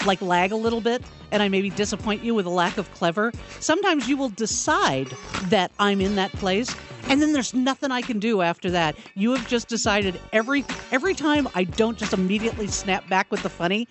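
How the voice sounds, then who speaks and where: A man's voice: sits high, lively intonation, fairly quick, over music. A man co-hosting a radio show and reading the news, with a dry, self-deprecating manner. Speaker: radio news reader and co-host.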